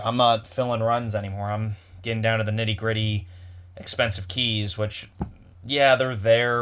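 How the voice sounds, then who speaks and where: A man casually retelling a convention story on his vlog, rambling with many restarts. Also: on the low side. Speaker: comic collector vlogger.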